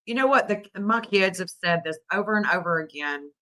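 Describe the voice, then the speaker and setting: A woman's voice: lowish voice, lively intonation, brisk, bright, forceful tone. A middle-aged woman hosting a livestream, giving emotional, scolding commentary and repeating phrases for emphasis.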